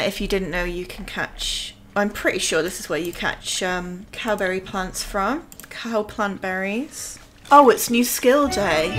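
A woman giving casual, chatty let's-play commentary on a life-sim game and teasing her characters. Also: mid-range voice. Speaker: gaming YouTuber. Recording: soft background music.

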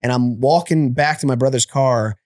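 A man telling an animated, profane story on a casual comedy podcast. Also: medium pitch, moderate pace. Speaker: comedian podcast co-host or guest.

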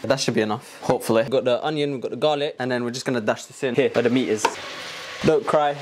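Fast-talking young man, noisy kitchen. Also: medium pitch. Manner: jokey, rambling self-talk, flustered and stressed. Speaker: vlogger cooking for his family. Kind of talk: casual chatty vlog. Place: home kitchen.

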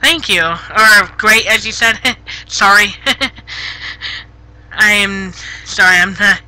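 A woman chats with her live-stream viewers through a headset mic, giggly and a little flustered, gently telling chat off when it gets rude. Her voice is very bright, and she talks slowly. The sound is close and dry. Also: mid-range voice, dry recording, poor audio. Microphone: gaming headset.

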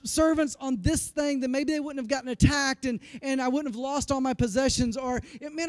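A man in his forties preaches from the pulpit, with a voice that sits very high for a man. He tells a story from his own life in an animated way and pokes fun at himself. The sound is dry and close, with almost no room echo. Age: 40s. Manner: animated, self-deprecating storytelling. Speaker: pastor. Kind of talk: sermon with personal story.

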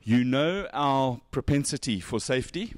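A man's voice: mid-range voice, lively intonation, normal speed. A man hosting a motorsport show, chatting casually and joking as he gushes over a race car's details. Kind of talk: casual walkaround chat.

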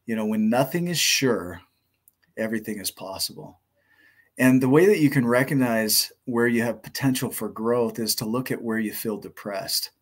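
A man giving a calm, reflective motivational talk, repeating key phrases. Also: medium pitch, normal speed. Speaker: motivational speaker and storyteller. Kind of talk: motivational talk with told story.

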